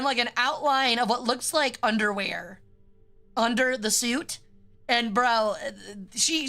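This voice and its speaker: Young woman streamer, rambling jokey chat, crisp tense tone, faint music under her. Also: a little high, bright, forceful tone. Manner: rambling, joking, swears freely.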